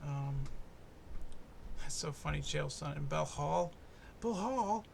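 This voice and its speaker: Gravelly young man, casual podcast host. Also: fairly high pitch, little pitch movement, unhurried, slight background noise. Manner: profane, laid-back, rambling and jokey. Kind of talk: casual solo fight-prediction podcast. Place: home in the US East Coast.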